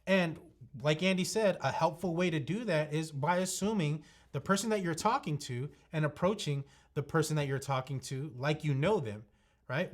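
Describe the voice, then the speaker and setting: A man in his thirties co-teaching a sales lesson, emphatic and laying out points step by step. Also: on the high side. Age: 30s. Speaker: sales trainer. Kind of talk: coaching talk.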